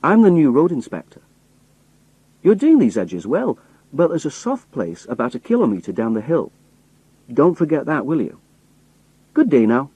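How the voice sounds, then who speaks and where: A man voicing a brisk, bossy young road inspector. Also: a little high, very animated, warm tone, slightly rough, no echo, voice pushed up, full character voice, rough recording.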